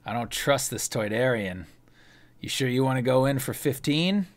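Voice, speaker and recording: A man voicing a gruff, suspicious male card player in a low, slow voice. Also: expressive, no echo, lightly acted.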